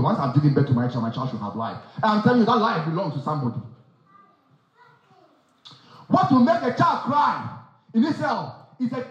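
A man preaching a sermon, emphatic, firing off rhetorical questions and repeating phrases. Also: very high voice. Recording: very echoey, dull sound.

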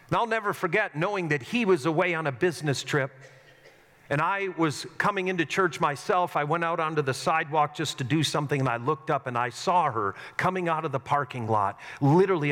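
A man's voice: a little high, a bit bright. A middle-aged man, a pastor, preaching a sermon in a church sanctuary, telling stories in an earnest way with self-mocking humor. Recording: long hall reverb.

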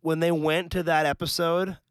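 A man co-hosting a podcast, chatting eagerly about a series in quick, animated bursts. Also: on the high side, clean tone, no room sound. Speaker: podcast co-host. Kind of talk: casual chat.

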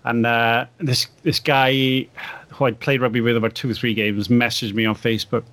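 A man in casual chat as a guest, telling stories in a relaxed way, laughing often and acting out what people said. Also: mid-range voice, normal speed. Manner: laid-back storyteller, laughs often, acts out quotes. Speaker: guest photographer.

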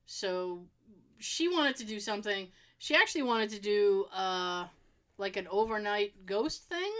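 Lively, chatty woman podcast co-host. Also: mid-range voice, unhurried. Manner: chatty storyteller, laughs often, many fillers. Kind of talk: casual chat.

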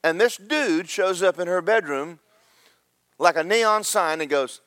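Folksy preacher man, lively. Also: on the high side, measured pace, dry recording. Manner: folksy storytelling with comic voices. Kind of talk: sermon.

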